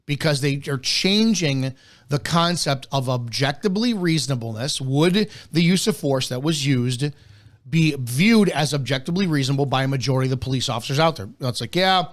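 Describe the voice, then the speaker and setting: A man hosts a live commentary show and lectures officers in a blunt, insistent way. His voice sits at a middle pitch for a man. He hammers key words by repeating them and trips over frequent false starts. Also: animated, brisk. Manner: blunt, emphatic, repeats key points, swears; stumbles and restarts often. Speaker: host of a live policing analysis show.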